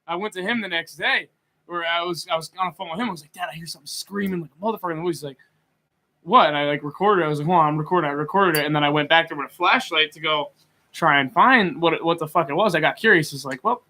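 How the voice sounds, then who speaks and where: A man on a radio show telling a story in a casual, excited way. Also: on the high side, fast, low-quality recording.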